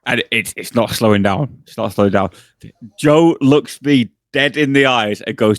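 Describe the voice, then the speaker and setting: A man co-hosting a podcast, telling stories in sweary casual chat. His voice sits in a middle pitch and sounds dry and close to the mic. He gets loud and animated as he retells things. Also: normal speed, no room sound. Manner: sweary, animated, often shouts when retelling. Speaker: podcast co-host.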